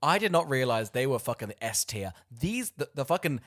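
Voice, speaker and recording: A man co-hosting a podcast in a casual chat, talking in an animated way with plenty of swearing and exclamations. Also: mid-range voice, brisk. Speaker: podcast co-host.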